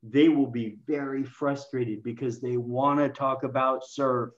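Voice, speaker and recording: A man speaking as a guest in an interview, explaining communication to health practitioners in an animated way and acting out quoted lines. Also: mid-range voice, unhurried, reverberant, lo-fi sound. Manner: animated, acts out patients and himself in quoted lines. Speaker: health coaching expert guest.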